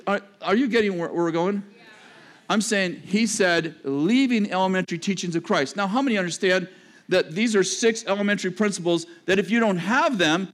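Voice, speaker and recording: High-voiced man preaching a lively sermon. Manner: conversational preaching with joking asides and sudden drops to a low register. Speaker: pastor.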